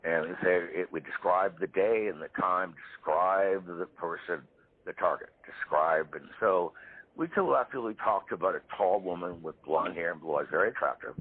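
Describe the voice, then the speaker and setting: A man in his seventies, a parapsychologist guest, telling stories in a lively way in a live interview. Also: deep voice, normal speed. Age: 70s. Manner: animated storyteller. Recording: tinny phone-line audio.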